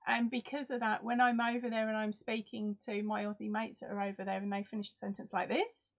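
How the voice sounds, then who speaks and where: A woman's voice: mid-range voice, little pitch movement, brisk, dull audio. Chatty Essex woman on a live stream. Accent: Essex English. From Essex, England. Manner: chatty, self-deprecating, talks to viewers by name. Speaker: crochet channel host. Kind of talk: live-stream giveaway chat.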